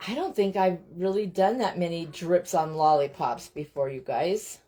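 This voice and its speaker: A woman hosting a live crafting stream chats casually with viewers while crafting at home, often breaking off to speak to her young children. Her voice is on the low side and warm, at normal speed.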